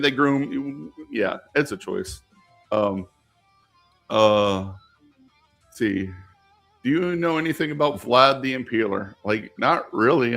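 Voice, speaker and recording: A man's voice: medium pitch, a bit bright. A man hosting a casual live stream while gaming, rambling with many fillers and turning emphatic when he argues.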